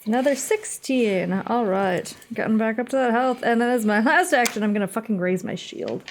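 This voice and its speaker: A woman player at a tabletop game, chatting casually with joking, drawn-out asides. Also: fairly high pitch, a little hiss or hum.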